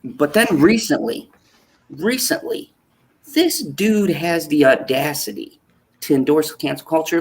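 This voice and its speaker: A man co-hosting a loose live talk show, ranting hotly and swearing freely. His voice sits a little high and swings widely as he builds each point. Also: animated, unhurried. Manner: profane, heated ranting with mocking asides. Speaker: podcast co-host. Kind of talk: casual ranting live chat.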